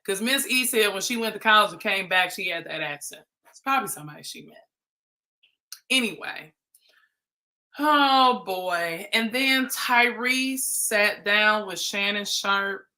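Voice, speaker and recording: A woman hosts a live stream with a bright, forceful voice. Her talk is chatty and teasing, casual commentary aimed straight at her viewers. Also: mid-range voice, moderate pace. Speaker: livestream host.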